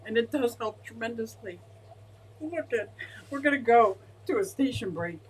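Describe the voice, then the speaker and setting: A woman hosting a casual fish-keeping livestream, talking in an excitable, gushing way as she reads chat aloud. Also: on the high side, normal speed, a little hiss or hum, low-quality recording. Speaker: aquarium fish-keeping streamer.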